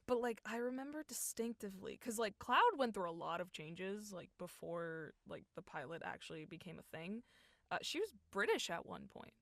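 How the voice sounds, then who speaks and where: A woman chatting as a guest in a relaxed interview. Her voice is bright and clear, recorded close and dry. She talks animatedly, laughs a lot, and sometimes slips into a whisper. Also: medium pitch, normal speed, no echo. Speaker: voice actor guest. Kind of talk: casual interview chat. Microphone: home recording booth mic.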